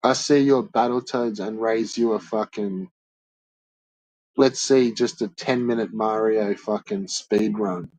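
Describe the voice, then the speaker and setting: A man's voice: fairly low pitch, fairly even intonation, unhurried, a little mellow, dry recording, dull audio. A man streaming and ranting to his chat in a blunt, profane, swear-filled way. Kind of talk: casual rant to chat.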